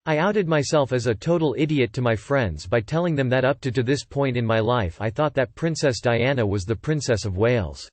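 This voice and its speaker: A man narrating online posts aloud with an even, steady read-aloud delivery. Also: mid-range voice, a little fast, hardly any pauses, no room sound.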